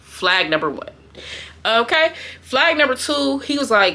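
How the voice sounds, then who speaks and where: A young woman casually telling a dating storytime, animated and slangy, full of fillers and quoted asides. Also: medium pitch, moderate pace, noisy background. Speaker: storytime vlogger.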